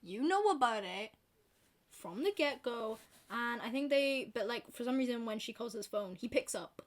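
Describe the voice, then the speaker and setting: A British woman, a book vlogger, chats casually to camera about books in a rambling, self-deprecating way. Her voice is on the high side, with lively intonation at a normal speed.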